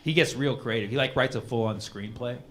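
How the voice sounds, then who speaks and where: A man's voice: mid-range voice, a little fast. A man performing a conversational stand-up comedy set on a club stage with a handheld mic. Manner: animated, conversational, punchlines in put-on voices. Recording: live stage recording with audience noise.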